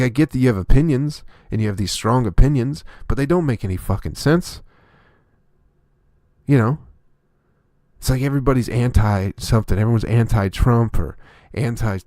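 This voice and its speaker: A man's voice: mid-range voice, warm tone, no room sound, studio quality. A man hosting his own comedy podcast, delivering a rambling, profane, opinionated solo rant.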